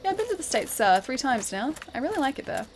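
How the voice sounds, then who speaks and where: A woman's voice: high-pitched, big pitch swings, fast talker, a little hiss or hum. Chatty Australian woman streaming a game. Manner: chatty, laughs often, many fillers. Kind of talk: casual gameplay stream chat. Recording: game music behind the voice.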